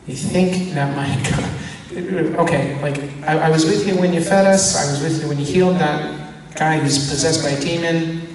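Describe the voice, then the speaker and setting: A priest giving a teaching talk, animated and acting out the voices of the people in his story. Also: on the high side, moderate pace, a crowd in the background. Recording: echoey church hall from far off.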